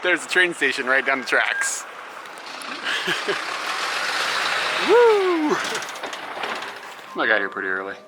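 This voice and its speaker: A man's voice: medium pitch, big pitch swings, unhurried, pauses often. A young man talking casually to his camera as a travel vlogger, chatty and amused, laughing often between phrases. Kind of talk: casual vlog chat to camera. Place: laundromat and outdoor travel spots. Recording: noisy background with passing vehicles.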